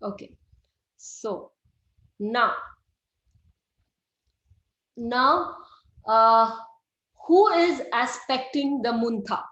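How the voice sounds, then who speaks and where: A woman's voice: on the high side, animated, drawn-out words, long pauses, fairly bright tone. A middle-aged woman gives a classroom lecture, explaining step by step and quizzing her students. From India. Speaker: astrology teacher. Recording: roomy, slightly dull recording.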